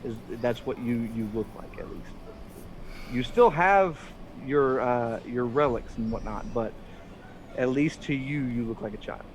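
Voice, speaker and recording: A man's voice: medium pitch, measured pace, slight background noise, rough recording. A man narrating a tabletop game as game master, rambling and correcting himself as he goes.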